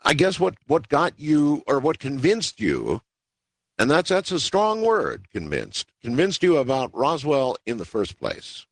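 A man's voice: mid-range voice, huge pitch swings, a little slow, dry recording. A man hosting a radio interview, asking probing questions in a conversational way and often repeating words. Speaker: radio host.

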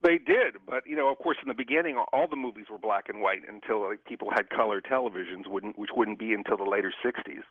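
A man's voice: on the low side, quick pace, hardly any pauses, breathy edge, no echo. Male radio guest over a tinny phone line. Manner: enthusiastic, rambling, many restarts. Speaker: guest expert on horror hosts. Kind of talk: radio interview.

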